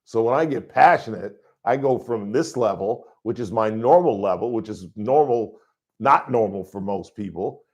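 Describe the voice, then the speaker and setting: Loud, rambling sports radio man. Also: on the low side, moderate pace. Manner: loud, rambling, animated storytelling. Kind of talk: call-in sports talk. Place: radio studio.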